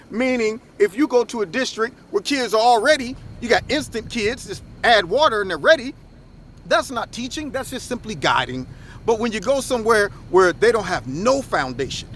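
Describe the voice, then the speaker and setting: Brief: middle-aged man, high-pitched, fiery commentary, animated storyteller. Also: normal speed, a little hiss or hum. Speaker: commentator and former school principal. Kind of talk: opinion commentary with acted anecdotes.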